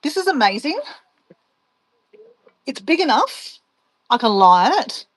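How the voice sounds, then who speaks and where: A woman's voice: high voice, big pitch swings, unhurried, no echo. A woman, a travel vlogger chatting casually and playfully with livestream viewers while she packs. She laughs often and talks to herself as she goes. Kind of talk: casual livestream chat reading viewer comments.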